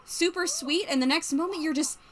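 A woman's voice: fairly high pitch, lively intonation, brisk, pushed and bright. A woman voicing a young woman in a video game who is hurt and fed up with her boyfriend. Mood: exasperated.

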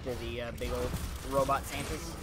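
A man's voice: medium pitch, steady tone, normal speed, heavy background noise. A man casually chatting while playing a video game, telling stories in a rambling way with lots of fillers. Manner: rambling storyteller, many fillers and restarts. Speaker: gameplay commentator. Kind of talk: casual chat over gameplay.

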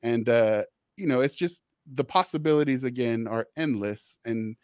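A social worker hosting a podcast chats easily with his guest in a casual interview, full of restarts and "you knows." His smooth, darkish voice is mid-range and normally paced, captured in a clean studio with no echo.

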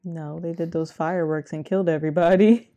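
Young woman, movie reaction, near-whispered, low mellow voice, dry jokes. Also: steady tone, fairly quick. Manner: quiet, near-whispered, wry quips. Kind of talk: hushed movie reaction chat.

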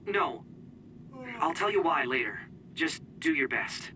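A man's voice: a little high, lively intonation, measured pace, bright, forceful tone, a little hiss or hum. An actor voicing a supportive young male comrade who talks over comms in a video game.

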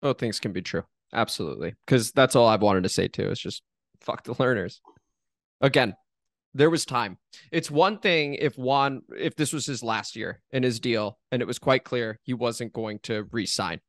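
A man's voice: mid-range voice, normal speed, no echo, studio quality. A man co-hosting a casual sports podcast, agreeing bluntly and swearing now and then. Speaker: podcast co-host.

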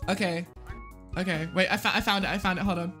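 An excitable streamer chatting through a game, quick to laugh and swear. Faint music plays under the voice. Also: mid-range voice. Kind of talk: live game streaming chat.

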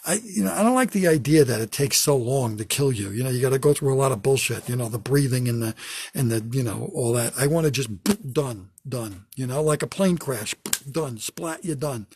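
An older man doing a wry, self-deprecating stand-up routine from his home basement, with sudden loud bursts when he acts out a bit. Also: medium pitch, moderate pace, breathy edge, no echo, studio quality. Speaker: stand-up comedian.

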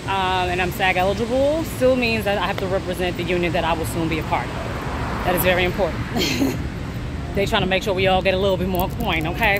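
A woman's voice: mid-range voice, brisk, noisy background. A young woman chatting casually and sassily to her vlog camera, full of slang. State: out of breath. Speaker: vlogger. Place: outdoors on a city street; indoors at home.

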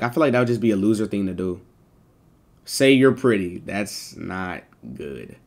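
A man's voice: medium pitch, darkish tone. A man livestreaming, chatting casually to his viewers in rambling slang full of swearing.

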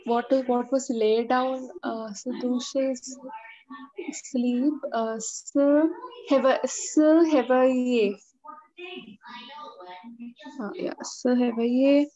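A woman's voice: high-pitched, steady tone, drawn-out words, pauses often, warm tone. A woman practicing French verbs in a lesson, hesitant and searching for words. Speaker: French student. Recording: dull lo-fi sound.

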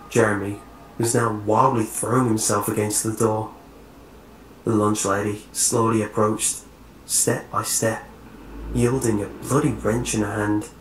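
Slow low-voiced male horror narrator. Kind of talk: scripted horror story narration. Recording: roomy echo, faint hiss.

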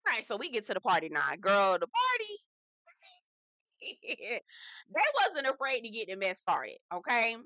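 Sassy, bright-voiced woman dishing gossip. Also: a little high, wildly swooping pitch, normal speed, dry recording. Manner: sassy, profane, chatty with lots of "girl" asides. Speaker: reality TV recap host. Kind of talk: casual gossipy commentary.

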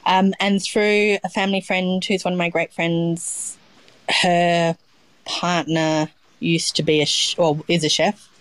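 A woman's voice: lowish voice, flat delivery, a little slow, no room sound, poor audio. A middle-aged Australian woman, a chef being interviewed, talking in a rambling, casual way with many ums and restarts. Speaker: chef, guest.

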